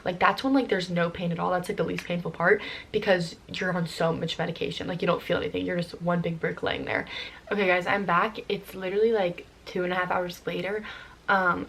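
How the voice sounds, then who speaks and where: A young woman vlogger telling a personal story in casual chat, rushing along with lots of "like" and "um". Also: fairly low pitch, creaky, a bit bright, slight background noise. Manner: rushed, filler-heavy with constant "like" and "um".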